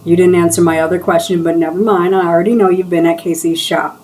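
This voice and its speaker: A woman voicing a sharp-tongued, nosy woman hairdresser who teases and pries. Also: on the low side, flat delivery, fast, recorded from a distance, a little hiss or hum, natural voice. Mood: needling. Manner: prying, mocking.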